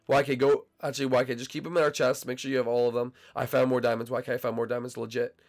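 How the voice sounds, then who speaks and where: Excitable young man gaming with gravelly voice. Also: medium pitch, fast. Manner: excitable, teasing banter with teammates. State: recovering voice, slightly hoarse. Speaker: gaming channel host. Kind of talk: casual gameplay commentary.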